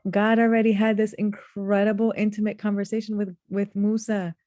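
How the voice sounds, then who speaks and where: Woman, religious teacher, earnest, deliberate emphasis, mellow voice, dry close sound. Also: medium pitch, flat delivery, no room sound, dull audio. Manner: earnest, slows to stress key words, recites Arabic verses. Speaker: Quran teacher. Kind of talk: reflective religious lesson.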